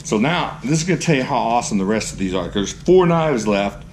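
Male vlogger, mid-range voice, excitable and jokey in casual show-and-tell, a slight hiss behind him. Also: medium pitch, brisk. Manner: excitable, gushing exclamations and goofy jokes. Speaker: knife collector, channel host.

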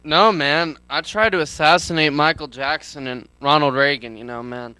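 An actor playing a confused, spaced-out young drifter in a spoof comedy sketch, drawling slowly and tacking "man" onto his lines. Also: a little high, bright, forceful tone, clear, resonant tone, no echo, poor audio. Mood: dazed. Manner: slow, drawling, keeps saying man.

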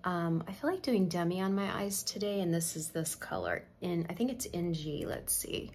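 A woman's voice: on the low side, very animated, moderate pace, darkish tone, a little hiss or hum. A middle-aged woman chatting casually while doing her makeup, telling an emotional story and dropping to a near whisper at tense moments. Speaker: makeup vlogger.

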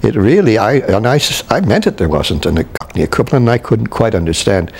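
An older man from Canada, a veteran stage actor, recalling his career in an interview with halting restarts and chuckles. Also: fairly low pitch, expressive, creaky, a little mellow, a little hiss or hum. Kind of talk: reminiscing interview.

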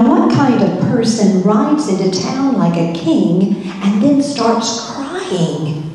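A woman's voice: medium pitch, dark tone, a little hiss or hum. A woman pastor playing a curious, searching Roman governor's wife in a first-person church monologue, asking many wondering questions. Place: church sanctuary. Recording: echoey church hall.

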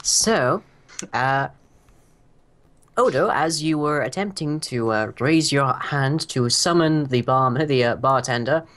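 A man runs a tabletop role-playing game, describing scenes in a halting way. He often stops on fillers before pressing on. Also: medium pitch, fairly bright tone. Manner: halting narration with many fillers. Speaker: game master.

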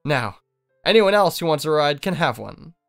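Guy doing a bold carefree young lad, kinda higher than his normal voice, smooth. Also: very animated, moderate pace, soft background music. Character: fearless cheerful young lad.

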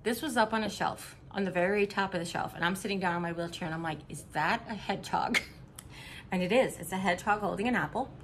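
A woman's voice: medium pitch, fast, a bit bright, slight background noise. A middle-aged woman from Missouri chatting casually in a haul vlog, upbeat and giggly, with rambling asides. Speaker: vlogger.

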